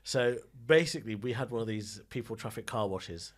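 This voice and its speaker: A man's voice: on the low side, expressive, fairly quick, breathy edge. A male comedian guest telling funny anecdotes in a casual podcast chat, with the odd swear word.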